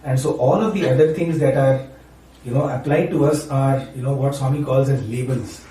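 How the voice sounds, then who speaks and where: A man from Maharashtra, India, a spiritual speaker who also teaches at a university, gives an informal devotional talk, often adding "right?" and "you know." His mid-range voice is mellow and steady at a moderate pace. The recording is echoey, with him sounding far from the mic.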